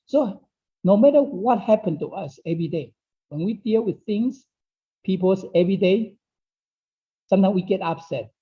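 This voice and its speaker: A man's voice: high-pitched, lively intonation, normal speed, pauses often. A man teaching an online Dao study class in English that is not his first language. He repeats his phrases and keeps checking in with his listeners by asking "okay?". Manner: non-native English phrasing. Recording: dull lo-fi online class audio.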